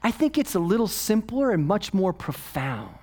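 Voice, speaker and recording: Man preaching, loud then whispered. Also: high voice, sing-song, moderate pace. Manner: swings from loud emphatic peaks to hushed whispers. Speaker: pastor. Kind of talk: sermon.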